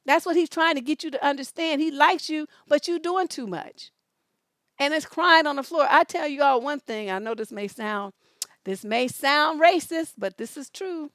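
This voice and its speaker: A woman's voice: high voice, moderate pace, fairly bright tone, no echo, clean studio sound. A woman relationship coach on a livestream, blunt, profane and scolding as she answers listener questions and reads their letters with asides. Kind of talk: livestream advice talk.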